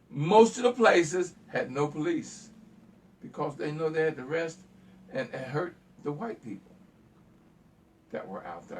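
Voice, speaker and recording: This talk-show host, taking calls, launches into an impassioned, preachy monologue, repeating phrases and fumbling words as his temper rises. His voice is a little high, creaky, and fairly bright, picked up from far away.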